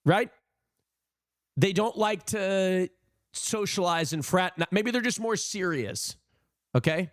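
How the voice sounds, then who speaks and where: A man's voice: high-pitched, slow, pauses often, no echo, studio quality. A man livestreaming, chatting casually with his viewers and giving blunt opinions. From United States. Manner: animated, opinionated, talks to chat.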